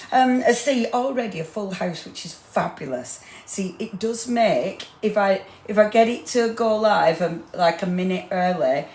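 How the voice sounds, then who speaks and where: A woman's voice: medium pitch, roomy sound. Bubbly woman hosting a craft stream. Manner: bubbly, excitable, lots of "um". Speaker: craft livestream host. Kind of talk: chatty live-stream greeting viewers. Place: home craft room.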